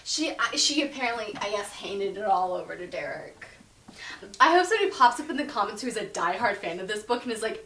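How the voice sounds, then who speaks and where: A young woman hosting a comedic book review, sarcastic and profane, retelling the plot with animated asides. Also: mid-range voice, fairly quick, slight background noise. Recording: roomy echo, distant mic.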